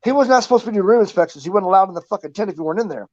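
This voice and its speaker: A woman's voice: mid-range voice, lively intonation, rapid-fire, mellow, no room sound. A woman and army veteran, telling crude barracks stories in casual chat, full of swearing and laughter. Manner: profane, laughing storyteller. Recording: muffled lo-fi audio.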